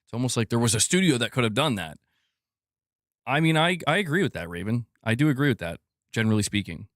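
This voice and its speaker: A man hosts a gaming news live stream in a casual, animated way. He speaks at a middle pitch. The sound is dry and close to the mic. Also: fast, no room sound. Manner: animated, talks to chat, reads comments aloud. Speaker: podcast host.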